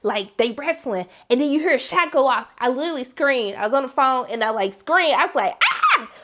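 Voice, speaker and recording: A woman's voice: high voice, fairly quick, heavy background noise. A woman vlogger recapping a TV episode in casual slang, acting out the scenes as she goes. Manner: animated, slangy, acts out the scenes. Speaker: TV review vlogger.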